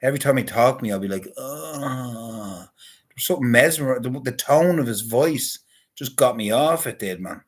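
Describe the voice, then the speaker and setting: A man's voice: medium pitch, expressive, brisk. A man in a casual, rambling monologue, talking crudely and swearing often. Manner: crude, profane, rambling banter. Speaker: vlogger.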